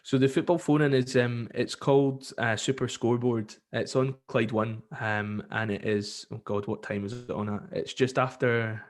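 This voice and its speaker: A man with a Scottish accent, a radio presenter chatting as a podcast guest, telling lively stories and acting out callers. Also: medium pitch, moderate pace, few pauses. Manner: lively storyteller, acts out callers, many fillers. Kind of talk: casual podcast interview.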